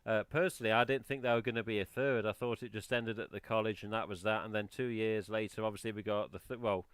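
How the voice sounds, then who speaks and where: A man from England hosting a casual live stream, chatty and quick to laugh, saying "yeah" often. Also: fairly low pitch, steady tone, a bit bright, smooth, dry recording.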